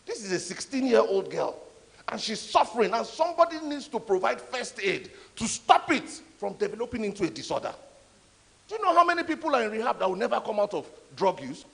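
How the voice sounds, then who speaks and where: Man, high voice, lively pitch, emphatic storyteller, echoey hall. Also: fairly quick, creaky. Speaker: conference speaker. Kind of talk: storytelling talk. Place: conference hall.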